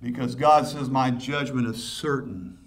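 A man's voice: medium pitch, steady tone, unhurried. A man preaching an impassioned sermon. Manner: impassioned preaching that swells loud and urgent; direct address to listeners with rhetorical questions. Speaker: pastor.

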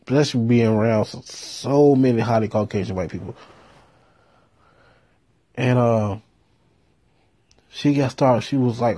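A man telling a profane story in a laid-back way, with deadpan punchlines. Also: medium pitch, breathy edge. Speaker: storyteller host.

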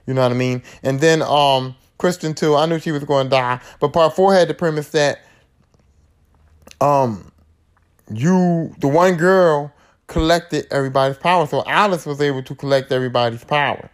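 A man hosting his own podcast, retelling horror movies in a loose, rambling way full of slang and profanity. His speaking voice sits a little higher than most men's. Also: normal speed. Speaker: podcast host. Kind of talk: casual movie recap.

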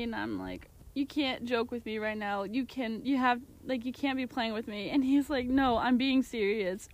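Young woman, high-pitched podcast co-host with animated storytelling and squeaky acted-out quotes. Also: normal speed, hardly any pauses, highs cut off. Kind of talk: casual chat.

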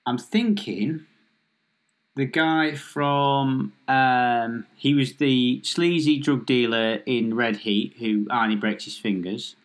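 Bloke rambling thru a cheesy 80s movie scene, lots of restarts, chill. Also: male voice, medium pitch, fairly even intonation, takes it slowly. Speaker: podcast co-host. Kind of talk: casual chat, pitching a made-up film.

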